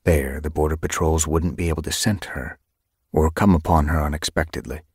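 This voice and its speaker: A man reading an audiobook as narrator, in a measured storytelling manner, recorded in a studio. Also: very deep voice, steady tone, a little mellow, breathy edge, dry recording. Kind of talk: scripted narration.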